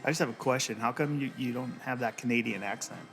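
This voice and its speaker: A man's voice: mid-range voice, fast, creaky, fairly bright tone. Upbeat podcast host man over music. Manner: jokey, upbeat, direct questions. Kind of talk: casual interview chat. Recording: music playing underneath.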